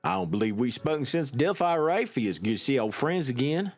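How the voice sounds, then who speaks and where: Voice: mid-range voice, big pitch swings, fairly quick, faint music behind, pitched below the performer's own voice. A streamer voicing an older male hospital director in a hammy, put-on Southern US drawl while reading game dialogue aloud. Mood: folksy. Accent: exaggerated Southern US drawl put on.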